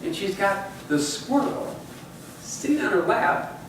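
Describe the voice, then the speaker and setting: A man's voice: high-pitched, expressive, measured pace, a bit bright, slight background noise. A man in his forties giving a motivational talk to his company's staff, rambling and conversational, repeating phrases for emphasis. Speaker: company leader addressing staff. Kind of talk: motivational talk with personal stories. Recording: echoey room, voice far from mic.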